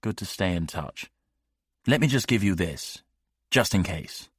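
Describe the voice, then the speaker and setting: A man's voice: sits low, expressive, unhurried, slightly rough, no room sound, studio quality, exaggerated voice. A man voicing an eager, ingratiating young male politician in an audiobook. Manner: overly keen, ingratiating. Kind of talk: audiobook character voice.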